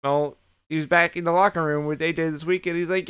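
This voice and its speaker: A man co-hosting a podcast, swearing freely in an animated, casual recap of the week. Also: on the high side, fast talker, clean tone. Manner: animated retelling, heavy swearing. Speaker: podcast co-host. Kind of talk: casual chat recapping wrestling.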